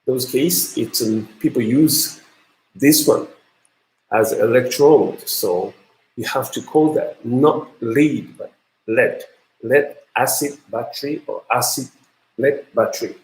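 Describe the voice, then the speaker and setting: Slow, halting Japanese-accented male lecturer. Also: mid-range voice, darkish tone. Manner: halting, searching for English words. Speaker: university lecturer. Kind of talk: online university lecture. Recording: roomy echo.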